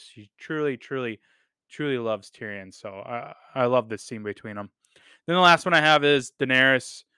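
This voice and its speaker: Bright, clear-voiced man chatting casually. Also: mid-range voice, dry recording, clean studio sound. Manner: enthusiastic, profane, with frequent fillers and repeats. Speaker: podcast host reviewing a TV series. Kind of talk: casual unscripted review talk.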